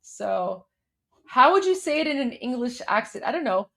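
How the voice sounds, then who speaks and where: A woman's voice: high-pitched, big pitch swings, normal speed, creaky, fairly bright tone. A woman hosting a casual political commentary livestream, chatty and repetitive, turning emphatic and insistent when she argues a point. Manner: chatty, repeats words and restarts while coaching pronunciation. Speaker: livestream show host.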